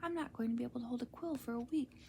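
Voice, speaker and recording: A woman's voice: a little high, very fast, gravelly, a little mellow, slight background noise. A woman in a whispered role-play voicing an anxious, grumbling young boy wizard in a storybook reading.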